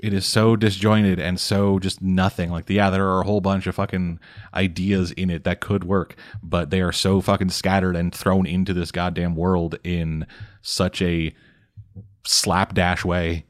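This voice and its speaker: Man, very low voice, profane, rambling comic recap, casual chat. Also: flat delivery, unhurried. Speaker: podcast co-host recapping a comic. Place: home at night, speaking quietly for housemates.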